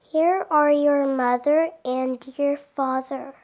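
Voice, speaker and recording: Lady reading a kids' book out loud really slowly, high and bouncy, sounds a bit muffled. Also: fairly even intonation. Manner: slow, clear and sing-song for small children. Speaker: storybook reader. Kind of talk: children's picture book read-aloud.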